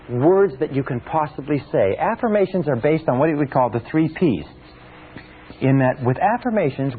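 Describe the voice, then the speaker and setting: A man giving a motivational seminar talk, emphatic, slowly repeating key phrases for effect. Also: mid-range voice, phone-quality sound, a little hiss or hum. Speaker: seminar speaker.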